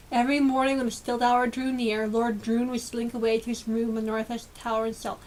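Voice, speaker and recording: A woman reading a children's storybook aloud with lively, expressive storytelling. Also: a little high, fairly quick, hardly any pauses. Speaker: storybook reader.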